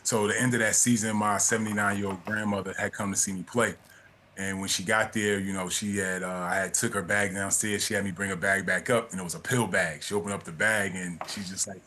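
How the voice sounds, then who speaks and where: A man in his forties, a former basketball player, telling a personal story as a studio guest, relaxed and laughing at his own tale. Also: lowish voice, quick pace. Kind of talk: anecdotal storytelling.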